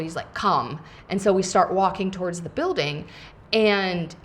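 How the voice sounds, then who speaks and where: A woman podcast host telling a travel story in a casual, chatty way, full of fillers and quoted lines. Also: on the low side.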